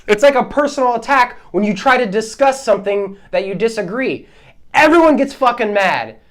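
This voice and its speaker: Ranting solo on his podcast, a man sounds heated and exasperated, moving from loud outbursts to quieter asides. His high-pitched voice is expressive, and his pace is normal.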